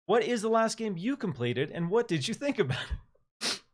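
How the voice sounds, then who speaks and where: A man hosting a casual live-streamed gaming chat, talking with animated energy and reading out viewer messages. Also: sits high, normal speed. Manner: animated, reads viewer comments aloud. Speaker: podcast host.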